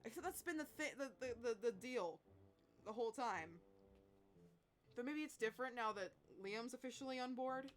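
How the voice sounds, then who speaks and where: A woman's voice: fairly high pitch, lively intonation, normal speed. A woman streamer reading a story game aloud, making wry, swearing asides between character lines.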